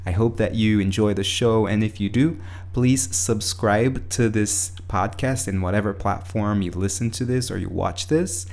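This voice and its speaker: A man's voice: fairly low pitch, moderate pace, darkish tone, roomy sound. A man hosting a podcast, introducing the episode and chatting in a friendly way, sometimes restarting his sentences. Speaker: podcast host. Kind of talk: podcast intro and casual interview.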